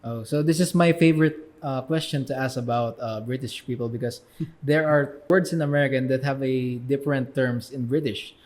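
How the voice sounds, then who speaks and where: A man's voice: mid-range voice, fairly even intonation, normal speed, few pauses, darkish tone. A man from the Philippines, hosting a podcast and asking curious questions in casual chat. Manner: curious questioning, laughs easily. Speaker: podcast host. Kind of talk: casual interview.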